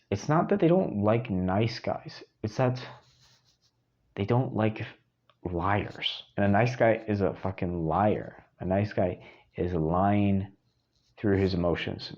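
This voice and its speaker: A man's voice: lowish voice, dull audio. A man giving blunt, profane dating advice in a monologue, hammering points home by repeating words. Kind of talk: monologue to camera.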